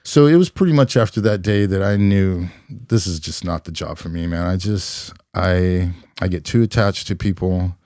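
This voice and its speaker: A middle-aged man from California looks back on his life as a podcast guest, thoughtful and in no rush, leaning on "you know" as he talks. His voice is deep and mellow. The recording is dry and close. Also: no echo. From California, USA. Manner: reflective, unhurried, many "you know" fillers. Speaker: podcast guest, former police officer. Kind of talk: conversational storytelling.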